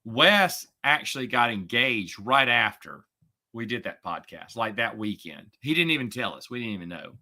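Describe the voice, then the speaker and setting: A middle-aged man hosts a casual stream chat in a very bright, mid-pitched voice. He is sarcastic and chatty, and he winds himself up when he retells a frustrating story. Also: sing-song, moderate pace. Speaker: podcast host and streamer.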